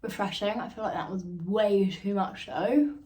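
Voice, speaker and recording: A woman's voice: mid-range voice, measured pace, dark tone. Young woman, casual vlog chat, giggly, filler-heavy, phone recording. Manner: chatty, lots of "like", giggly. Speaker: beauty vlogger. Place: bedroom, in bed.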